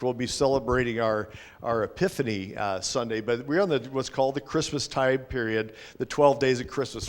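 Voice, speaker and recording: A man pastor preaching informally to a small congregation, chatty and halting, with frequent restarts. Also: mid-range voice. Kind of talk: informal sermon with congregation sharing. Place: church sanctuary.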